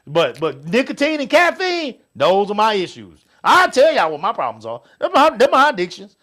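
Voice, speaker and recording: A middle-aged man co-hosting a casual show, swearing freely and swinging between loud outbursts and quiet asides. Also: high-pitched, wildly swooping pitch, normal speed. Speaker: podcast co-host. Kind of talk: casual chat with listeners.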